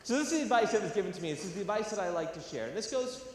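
Racing along in a high, expressive voice, a young man from California speaks to a live university audience about educational theatre. He's earnest and emphatic, and he pokes fun at himself a bit. The mic is far off, and the big hall echoes with faint noise.

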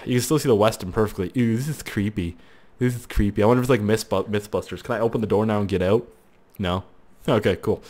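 A man hosting casual video game commentary, rambling, swearing and excitable. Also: lowish voice, fast. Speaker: host.

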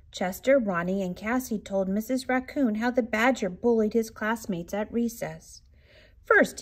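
A woman reading a children's picture book aloud in an expressive, lilting way. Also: a little high. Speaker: storybook reader. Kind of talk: children's storybook read-aloud.

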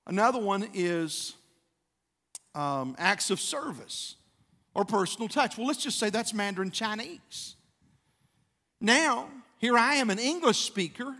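A man's voice: very high voice, expressive, moderate pace, bright, forceful tone. A man, preaching a conversational sermon as a pastor and acting out quotes with growing fervor. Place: church sanctuary. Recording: long church hall reverb.

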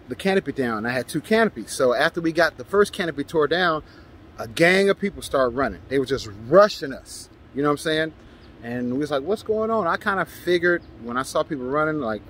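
A man vlogging, telling a personal story in a casual, animated way and acting out the shouts he traded with others. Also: medium pitch, slight background noise. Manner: animated, acts out his own shouts and quotes.

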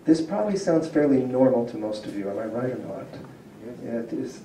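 Expressive and fairly quick, a man with a mellow, medium-pitched voice delivers a public linguistics lecture to community listeners. Heard from afar in a roomy hall with slight background noise, he explains patiently, puts questions to the room, and chuckles often.

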